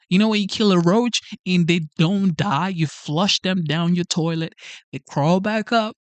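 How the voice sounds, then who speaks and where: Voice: medium pitch, clear, resonant tone, no room sound. A naturalized immigrant hosting a political commentary channel, ranting emphatically in slangy speech and repeating punchlines. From immigrant, naturalized in the United States.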